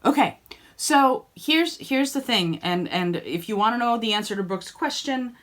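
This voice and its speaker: A singing teacher, a woman with a slightly higher voice, runs a group lesson online. She coaches each student by name, encourages them and breaks into sung vowels to show the sound she wants. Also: lively intonation, normal speed.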